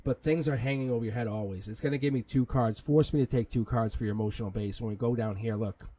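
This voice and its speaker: Husky-voiced man giving a casual tarot reading. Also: medium pitch, quick pace, mellow, low-quality recording. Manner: rambling, chuckles often, swears casually. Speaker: tarot reader, livestream host.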